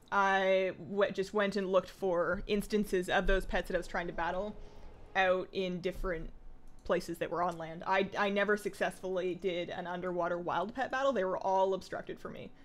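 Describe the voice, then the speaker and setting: A woman from Canada with a Canadian accent, chatting casually with viewers on a live game stream and talking very quickly. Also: mid-range voice. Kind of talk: casual live-stream chat while gaming.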